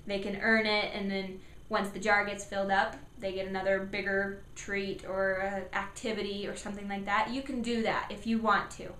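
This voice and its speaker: A woman's voice: mid-range voice, little pitch movement, moderate pace, few pauses, pushed and bright. A woman giving upbeat, encouraging speech therapy tips to parents and demonstrating sounds. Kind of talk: instructional talk to parents. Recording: echoey room, faint background noise.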